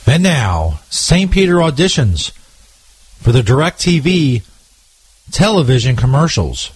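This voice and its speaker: A man hosting a comedy radio show, brash and mocking, with deadpan boasts. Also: medium pitch, takes it slowly, slightly rough, dry recording, low-quality recording. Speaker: host.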